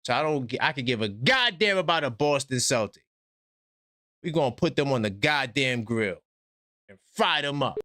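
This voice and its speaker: A man's voice: medium pitch, animated, moderate pace, bright, forceful tone, no room sound. A man hosting a live sports call-in stream, ranting and mocking rivals in a brash, trash-talking way. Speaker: sports talk stream host.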